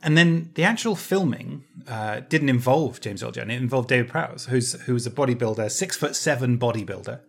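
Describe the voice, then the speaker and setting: A man co-hosting a podcast who tells stories in an animated way, laughing easily and restarting his phrases. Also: medium pitch, brisk, vocal fry, few pauses. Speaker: podcast co-host. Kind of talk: casual podcast chat.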